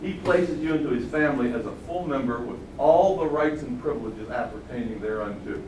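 An older man preaching a sermon, swinging from loud exclamations to quiet asides. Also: mid-range voice, brisk. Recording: roomy sound from far off the mic, faint hum.

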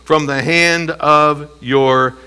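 A man's voice: fairly high pitch, fairly even intonation, very slow, pushed and bright, clean tone. A man teaching a Bible study, reading scripture aloud and answering his own rhetorical questions with emphasis. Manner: reads scripture aloud and comments between phrases.

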